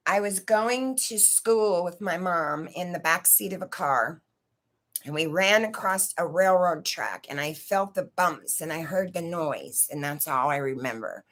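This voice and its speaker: A woman's voice: lowish voice, pushed and bright. A woman telling a personal story in a casual, rambling way, swearing freely and often checking in with her listeners. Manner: profane, rambling, keeps asking "right?".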